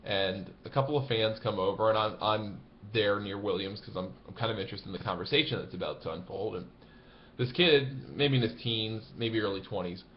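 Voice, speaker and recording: A man with a low voice tells a story in a relaxed, chatty way and gets animated as he goes. The audio is a bit dull and lo-fi. A faint hiss sits under his voice. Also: fairly quick. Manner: conversational, animated, laughs while telling. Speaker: golf blogger. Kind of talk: casual storytelling to camera.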